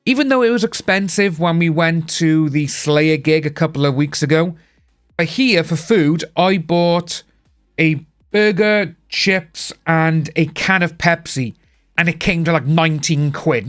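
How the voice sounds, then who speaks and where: A man's voice: a little high, measured pace, a bit bright, faint music behind. A young British man chatting casually on a live stream, rambling and greeting viewers by name. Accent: British English. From United Kingdom.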